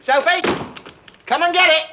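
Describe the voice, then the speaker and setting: An actor playing a cheeky wheeler-dealer in a 1970s British film comedy, chirpy and wheedling in fast banter. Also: male voice, extremely high pitch, noisy background.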